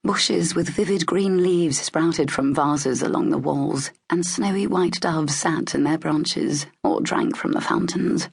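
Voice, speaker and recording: A woman narrating a fantasy audiobook in a steady, even storytelling manner, with a husky, gravelly voice. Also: low voice.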